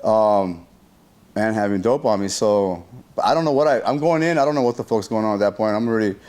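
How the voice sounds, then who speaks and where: A man's voice: lowish voice, a little fast. A man telling a story in a casual interview, using slang and profanity, acting out quoted lines and adding sound effects. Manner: animated retelling that acts out what people said.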